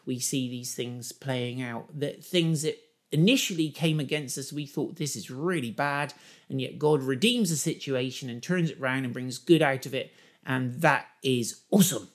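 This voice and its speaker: A preacher giving a sermon and reading scripture, chatty with humorous asides and building to excited emphasis. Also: male voice, mid-range voice, moderate pace. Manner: enthusiastic, rising to excited emphasis.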